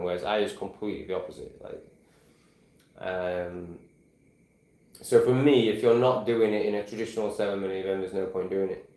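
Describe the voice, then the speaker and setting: A man's voice: on the low side, a little mellow, echoey room. A man in his forties chatting casually to camera, rambling and swearing freely as he restarts his sentences. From England. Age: 40s. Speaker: vlogger.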